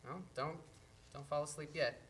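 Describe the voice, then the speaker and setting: A man playing a gentle, kind dog owner in a staged play reading, speaking softly and reassuringly. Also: on the high side, steady tone, moderate pace, close to an everyday voice. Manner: soft and reassuring.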